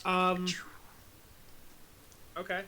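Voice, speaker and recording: A woman's voice: on the low side, completely flat delivery, extremely slow, sharp tone. Rambling woman running a tabletop game. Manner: rambling, lots of fillers and laughs. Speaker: dungeon master.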